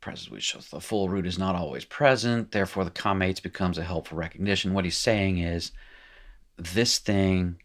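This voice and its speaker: This is a man with a fairly low voice giving a casual recorded lesson. He reads passages from a textbook, then comments on them loosely, with frequent restarts and small self-corrections. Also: normal speed. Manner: rambling, self-correcting, joking asides. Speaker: teacher.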